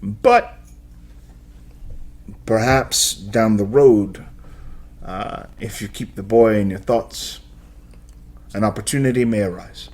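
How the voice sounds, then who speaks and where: A man voicing a smug, diminutive, professor-like vampire seneschal who speaks in a measured, condescending way in a tabletop game. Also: lowish voice, a little mellow.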